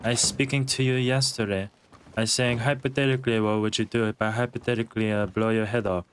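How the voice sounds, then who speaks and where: A man's voice: fairly low pitch, steady tone, brisk, clear, resonant tone, lightly acted. A man voicing an indignant male protester in game role-play, speaking in broken English and lecturing insistently. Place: game voice chat.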